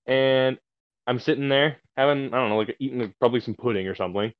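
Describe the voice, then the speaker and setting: A man spins a lengthy, casual tale for a podcast over a remote call, cursing and chuckling at himself along the way. He has a medium-pitched voice and talks fast, and the recording sounds dry and muffled.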